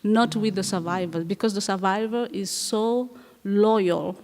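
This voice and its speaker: A woman from Rwanda speaks as a guest in an onstage interview, earnest and halting, often repeating a word before going on. Her voice is mid-pitched and carries the long reverb of a live festival hall. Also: darkish tone. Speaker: guest playwright and performer. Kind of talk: conversational interview.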